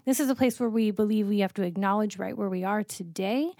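A woman's voice: medium pitch, quick pace, dark tone, no echo, clean studio sound. A woman co-hosting a faith podcast, talking earnestly and quoting scripture with plenty of fillers. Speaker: podcast co-host. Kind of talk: faith-based podcast conversation.

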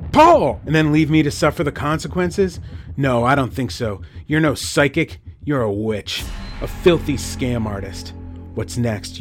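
A man's voice: fairly low pitch, darkish tone. A man voicing a desperate, frustrated injured man who begs and barks. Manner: begging, barking.

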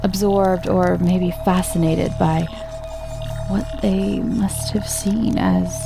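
A woman giving a scripted story narration in a hushed, often half-whispered voice, with music playing behind her. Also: lowish voice, steady tone, takes it slowly, vocal fry.

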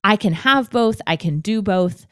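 A woman's voice: medium pitch, expressive, a little slow, clear, resonant tone, no echo, studio quality. A woman in her twenties hosting a podcast, telling a personal story in an earnest, open way. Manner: earnest and open, emotional at times. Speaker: podcast host.

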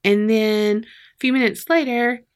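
A woman's voice: a little high, steady tone, measured pace, clean tone. A woman co-hosting a podcast, telling a crime story in casual chat, laughing often and acting out what people said. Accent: Southern American. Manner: laughs often, acts out quotes in voices. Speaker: podcast co-host.

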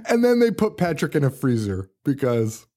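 On a podcast, a male co-host with a high, mellow voice casually walks through a horror film scene by scene, unhurried but with huge pitch swings. He swears often, laughs, and imitates the characters.

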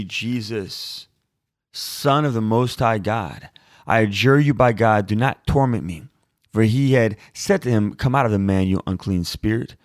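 A man's voice: lowish voice, no echo, studio quality. A man in his thirties reading Scripture aloud and then explaining it in a chatty, informal way to answer a viewer's question. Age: 30s. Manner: chatty and informal, with fillers like "like" and "y'all". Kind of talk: Bible reading and casual teaching.

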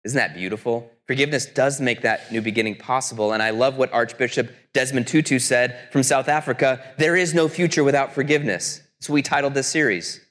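A man preaching a sermon as pastor, telling a story earnestly and slowing down for quotations. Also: medium pitch, fairly bright tone. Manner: earnest storytelling, slows for quotes. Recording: long church reverb.

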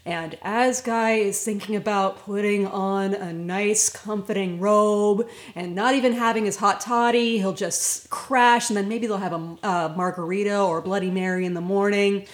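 A woman's voice: mid-range voice, fairly even intonation, normal speed, few pauses. A woman telling a ghost story to friends in a casual way with wry, playful asides. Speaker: podcast cast member telling a ghost story.

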